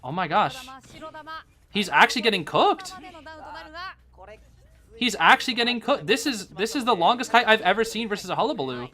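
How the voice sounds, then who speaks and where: A man streaming live game commentary on a tournament match, excitable and chatty, thinking aloud and breaking into laughter. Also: high-pitched, normal speed, long pauses.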